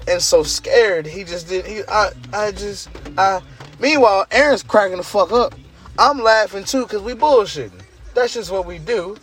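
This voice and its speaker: A podcast host with a slightly higher male voice rambles to listeners through a loose, profane story about work, lurching from loud bursts to low mutters. He's outdoors in the rain by a parked car, with faint traffic and car noise in the background.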